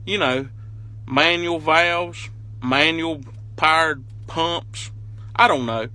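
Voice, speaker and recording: A young man, a farmer from North Carolina with a Southern accent, talking in a casual, folksy drawl that he slows down on purpose. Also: fairly high pitch, sharp tone, low-quality recording. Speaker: farmer and video creator.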